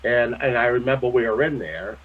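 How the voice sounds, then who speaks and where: Husky-voiced man on a tinny line. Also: mid-range voice, a little fast. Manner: animated, laughing often, salty language. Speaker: guest. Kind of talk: casual anecdotal storytelling.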